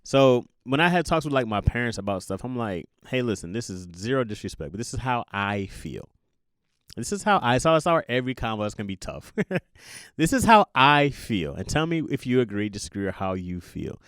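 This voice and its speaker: A man's voice: medium pitch, very animated, a little fast, smooth, dry recording, studio quality. A young adult man hosting a casual monologue podcast, telling stories with playful voiced asides and laughs. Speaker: podcast host.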